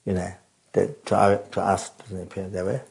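A man giving a Buddhist Dharma teaching, speaking haltingly with many fillers, repeated words, throat-clearing and coughs. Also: sits low, completely flat delivery, a little mellow, poor audio.

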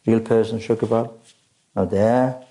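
A man giving a dharma talk as a Buddhist teacher, halting and full of fillers, often coughing and clearing his throat. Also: on the low side, fairly even intonation, noisy background. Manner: halting, many fillers and restarts.

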